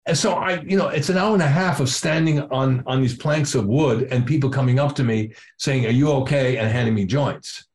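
A man's voice: mid-range voice, a little fast, few pauses, a little mellow. An older man, a drummer being interviewed, telling a story with lots of acted-out quotes and casual swearing. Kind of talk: animated anecdote telling.

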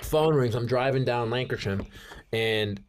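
A male comedian telling a rambling anecdote in an excitable way, with restarts, swearing and sudden high jumps when he acts out his own panic. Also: a little slow, slight background noise. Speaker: comedian guest. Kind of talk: storytelling anecdote.

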